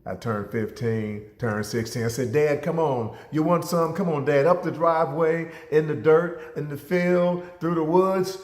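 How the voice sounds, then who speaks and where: A man's voice: a little high, unhurried, hardly any pauses, darkish tone. A man telling a personal story as a motivational speaker, acting out the dialogue with big vocal jumps. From Ohio, USA. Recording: roomy echo.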